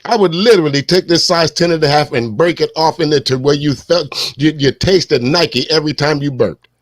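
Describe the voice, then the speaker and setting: A man's voice: fairly high pitch, brisk, no echo, clean studio sound. A man from South Carolina co-hosting a casual talk, blunt, profane and fired up. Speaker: co-host. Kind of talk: casual commentary.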